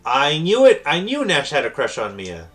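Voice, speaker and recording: A man voicing a lively young woman priestess. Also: a little high, a little slow, faint music behind, voice pushed up. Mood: awkward.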